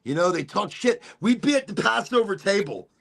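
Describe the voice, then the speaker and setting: Gravelly, husky male podcast host. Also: high voice, lively intonation, fairly quick, a bit bright. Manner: rambling, storytelling with many restarts. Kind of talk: casual chat.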